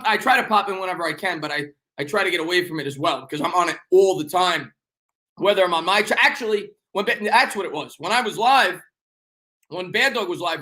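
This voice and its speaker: Hosting a casual sports live stream, a young man with a strong New York accent reads viewer comments aloud. His voice is high and bright, and he talks fast, rambling, repeating lines and bantering jokingly with the chat.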